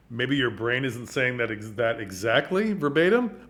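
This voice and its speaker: A man talks to camera about acting for the stage in a casual, emphatic teaching voice. He keeps pausing to check that the listener follows. His voice sits at an ordinary middle pitch for a man. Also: sing-song, a bit bright.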